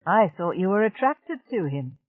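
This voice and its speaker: A woman reading an audiobook, voicing a calm, slyly teasing male mind that runs a space station. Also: medium pitch, moderate pace, no room sound. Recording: dry, tinny narrow-band audiobook.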